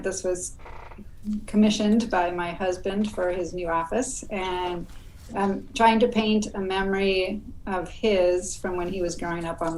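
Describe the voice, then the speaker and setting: A woman's voice: lowish voice, a little mellow, a little hiss or hum, poor audio. A middle-aged woman artist from Minnesota thanking for an award on a video call, cheerful and chatty with frequent ums. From Minnesota, USA. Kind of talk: casual thank-you remarks.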